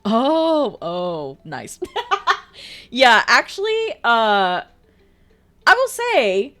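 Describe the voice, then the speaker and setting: Woman streamer, casual chat, pitch swinging high and low, exclamatory and sweary, faint music playing behind. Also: very slow. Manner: animated and exclamatory, swears freely, laughs often. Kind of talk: casual chat reading out viewer messages.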